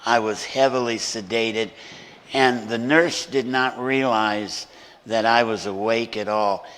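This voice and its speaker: A man preaching a sermon as a guest pastor in a church, moving between hushed storytelling and loud, emphatic preaching. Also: medium pitch, steady tone, takes it slowly, big-room sound. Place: church sanctuary.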